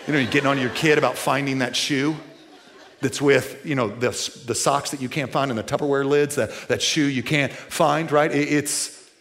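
A man preaching a sermon to a live congregation, animated, with folksy asides, moving between loud and quiet. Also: medium pitch, normal speed. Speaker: pastor. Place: church before a live congregation.

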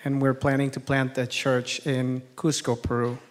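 A man's voice: medium pitch, flat delivery. A man introducing his family as a church planter from a stage, a bit off-mic. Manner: slow, measured introduction.

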